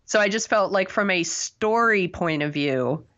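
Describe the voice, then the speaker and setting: A woman with a lowish, fairly bright voice speaks in an animated, unhurried way, though the recording is muffled. As a podcast co-host, she talks through a movie review in a loose, rambling chat filled with fillers and self-deprecating laughter.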